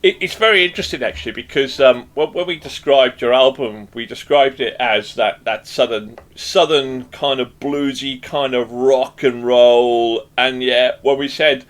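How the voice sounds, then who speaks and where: A man's voice: mid-range voice, normal speed, few pauses, a bit bright. A man hosting an interview, asking long, rambling questions that he restarts mid-phrase. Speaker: interview host.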